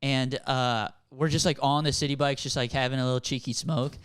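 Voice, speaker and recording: A man's voice: brisk, clear, resonant tone, dry recording. A young man co-hosting a podcast, telling a rambling story with lots of laughter and acted-out quotes. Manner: animated, laughing, acts out quotes in a higher voice. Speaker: podcast co-host. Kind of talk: casual storytelling chat.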